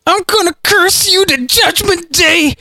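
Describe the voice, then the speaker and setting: A man voicing a cornered, vicious hillbilly who shrieks in a shrill, screeching voice. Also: measured pace, creaky, sharp tone, dry recording, clean studio sound, exaggerated voice. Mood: shrieking.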